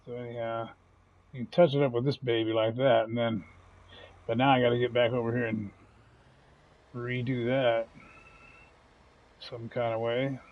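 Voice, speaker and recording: A man's voice: mid-range voice, level tone, moderate pace, pauses often, phone-quality sound. A man giving casual, folksy commentary while playing a farming game, chatty and chuckling often. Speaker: gaming channel host.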